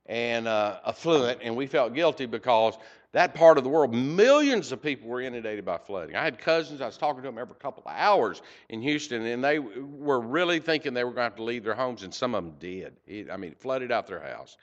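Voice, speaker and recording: A man giving a heartfelt report to a church congregation, halting and emotional, with many fillers. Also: medium pitch, lively intonation, lo-fi sound. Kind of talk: storytelling church talk. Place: church sanctuary.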